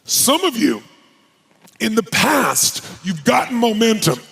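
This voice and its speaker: A man giving a live motivational seminar who fires rhetorical questions at the audience and swings from low intensity to shouted hype. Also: big pitch swings, creaky, breathy edge, poor audio. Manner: rapid-fire rhetorical questions, commanding the crowd. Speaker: motivational speaker.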